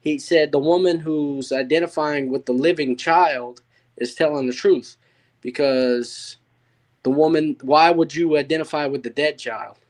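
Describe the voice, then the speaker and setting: This man's voice is on the high side, unhurried and a little mellow. He's a panelist in a casual chat, telling a story that wanders, with fillers and false starts.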